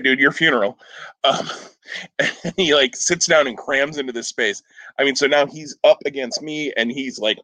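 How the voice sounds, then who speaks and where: A podcast host tells a long, rambling story in casual chat, often breaking off with fillers and chuckles. His medium-pitched voice is bright and forceful. The audio is poor but has no echo.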